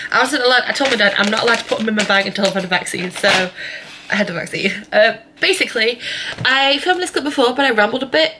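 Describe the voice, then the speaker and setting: A woman's voice: a little high, fast, noisy background. A young woman vlogging in a casual, rambling way, full of fillers and restarts. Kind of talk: casual vlog chat.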